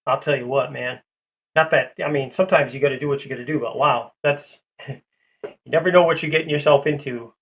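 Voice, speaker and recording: A man's voice: mid-range voice, steady tone, a little fast, fairly bright tone. A man hosting a casual livestream, rambling with many fillers as he greets viewers and reads chat. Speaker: livestream host.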